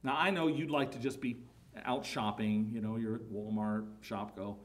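A man's voice: on the low side, steady tone, normal speed. A man preaching a sermon, emphatic, his voice rising and falling in volume, often repeating words.

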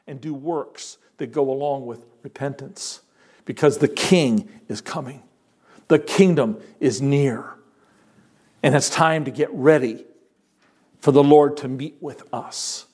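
Male pastor, fairly high voice; urgent sermon delivery with loud peaks and quiet asides. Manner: earnest, urgent preaching with sudden loud rises and soft drops.

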